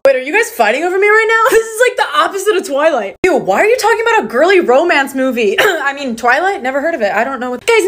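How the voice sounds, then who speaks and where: Woman, comedy sketch, very high voice, lively swings, fast talk, mocking tone. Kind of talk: comedy sketch acting several classmates.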